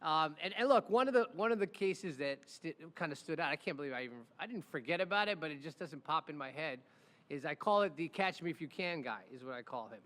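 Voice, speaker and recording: High-voiced man telling stories in a reverberant room. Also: quick pace. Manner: animated, keeps asking "right?" and acts out the people in his stories. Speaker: criminal defense attorney and podcast host. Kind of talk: casual storytelling chat.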